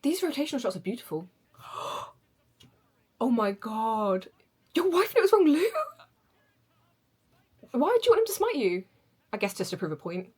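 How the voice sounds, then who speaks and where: Husky young woman gushing over a show, lots of gasps, pitch jumps all over. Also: moderate pace, long pauses. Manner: excitable, gasping and gushing. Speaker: reaction video host. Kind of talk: casual reaction commentary.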